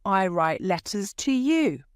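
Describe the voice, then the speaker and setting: A woman's voice: medium pitch, sing-song, slow, clean tone, no echo, clean studio sound, voice pushed up. A woman voicing a stern older aunt who gives commands in a storybook reading.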